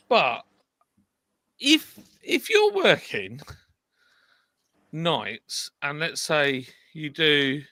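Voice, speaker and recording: A man's voice: a little high, bright, forceful tone, no room sound. A man telling rambling anecdotes and correcting himself as he goes, in a casual livestream chat. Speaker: co-host.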